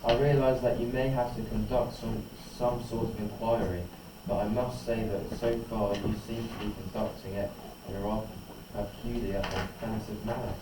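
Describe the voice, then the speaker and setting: A young man reading the part of a haughty upper-class mother aloud in class, in a plain, halting read-aloud way. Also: on the low side, level tone, roomy sound, distant mic, noisy background, natural voice. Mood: offended.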